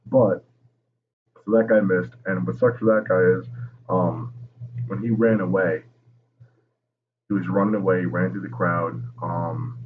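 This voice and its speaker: Profane young man, deep, tinny line. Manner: profane, rambling, jokey. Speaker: podcast host. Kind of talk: casual history storytelling. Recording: tinny phone-like line with noise.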